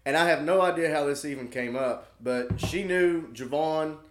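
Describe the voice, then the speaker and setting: A man with a drawl, a slightly high voice and a loose, swearing storytelling style. He jumps into other people's voices as he tells his tales. The sound is roomy and echoey. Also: normal speed. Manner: profane, animated storyteller who acts out other people's lines. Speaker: podcast co-host. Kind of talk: casual storytelling chat.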